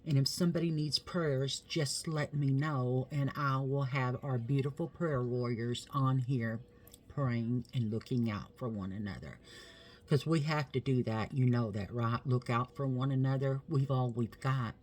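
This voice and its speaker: A woman's voice: a bass voice, fairly even intonation, a little slow, darkish tone. Folksy rambling middle-aged woman vlogger. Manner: folksy, rambling storyteller, affectionate with viewers. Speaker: makeup vlogger. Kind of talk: casual chat to camera.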